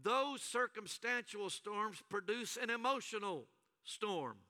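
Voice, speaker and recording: A man preaching a sermon as a pastor, with call-and-response and dramatic pauses. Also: high-pitched, lively intonation, pushed and bright, in a large hall.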